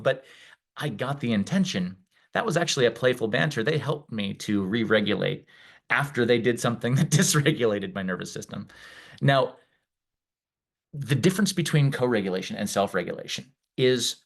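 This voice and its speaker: A middle-aged man, a wellness coach, giving a conversational live-streamed teaching talk and explaining ideas in a relaxed way. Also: mid-range voice, creaky. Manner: conversational and explanatory, acts out quoted voices.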